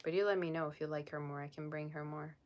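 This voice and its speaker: A woman's voice: deep voice, fairly even intonation, fast talker, lo-fi sound. A woman tarot reader chatting on a live stream, blunt and sassy as she reads and answers viewer comments. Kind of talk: casual live-stream chat.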